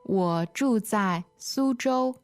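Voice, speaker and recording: A woman teaching a language lesson, repeating phrases slowly and patiently. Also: fairly high pitch, lively intonation, a little mellow, smooth, no echo.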